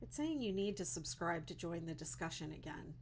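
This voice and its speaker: A woman's voice: fairly low pitch, big pitch swings, a little fast, creaky, a little mellow, slight background noise. A woman crochet designer chatting casually on a livestream, reading viewer comments, teary and emotional with lots of fillers.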